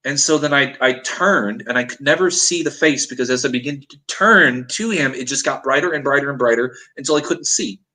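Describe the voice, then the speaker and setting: A man's voice: medium pitch, a little fast, few pauses, pushed and bright, rough recording. A man earnestly recounting a dramatic personal experience, acting out what people said. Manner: earnest, dramatic retelling with acted-out quotes. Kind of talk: intense personal storytelling.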